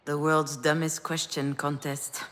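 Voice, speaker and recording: A woman's voice: low voice, little pitch movement, unhurried, a bit bright. An actress playing a young woman in a visual novel, speaking in a dry, sardonic manner. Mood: wry. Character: young woman, wry and guarded daughter. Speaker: game character.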